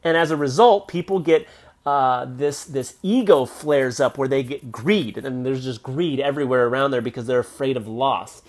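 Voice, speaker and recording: A man hosting a motivational solo podcast, talking emphatically and checking in with the listener, with his pace speeding up and slowing down and his volume swinging between loud and soft. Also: mid-range voice. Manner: emphatic, repeats "right?" to the listener. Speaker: podcast host.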